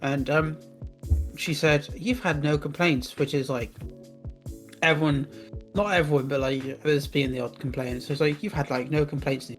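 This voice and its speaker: A man's voice: a little high, steady tone, moderate pace, soft background music. A young man co-hosting a casual podcast, rambling with fillers about his work. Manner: rambling, lots of fillers, quotes people. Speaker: podcast co-host. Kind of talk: casual chat.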